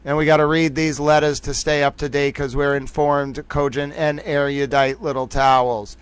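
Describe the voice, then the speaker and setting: A man with a hard Boston accent hosts a live stream, speaking to his audience in a showy, theatrical way. His voice sits a little high and comes through smooth and clear. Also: little pitch movement, normal speed. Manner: theatrical, repeats catchphrases, addresses viewers directly. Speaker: livestream host.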